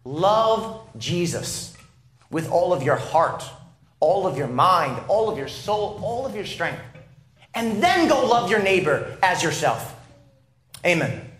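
A man's voice: sits high, sing-song, slow, fairly bright tone, a little hiss or hum. A man, a pastor, preaching a sermon with emphatic delivery and frequent rhetorical "Right?" checks to the congregation. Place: church sanctuary. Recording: echoey church room.

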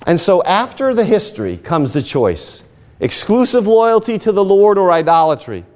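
High-voiced preacher guy, super animated delivery, sermon in a big echoey church. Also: normal speed. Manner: animated storytelling with emphatic rises. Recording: long hall reverb.

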